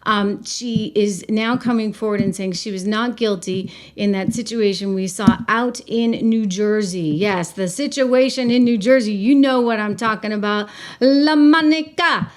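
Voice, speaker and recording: On her casual political commentary stream, a woman speaks to viewers with a mid-range voice at a moderate pace, rarely pausing. Her manner is animated and emphatic, full of restarts and side comments.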